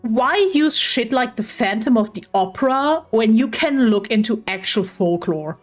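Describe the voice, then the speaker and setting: A woman talks casually and excitably on a podcast, swearing freely in animated asides. Her voice sits a little high, and faint music plays underneath. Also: a little slow. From Germany. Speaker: podcast host. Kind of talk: casual chat.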